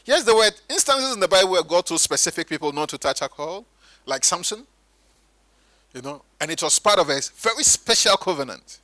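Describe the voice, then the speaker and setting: Animated man preaching a sermon. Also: a little fast, no room sound, rough recording. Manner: animated, mimics churchgoers in high voices.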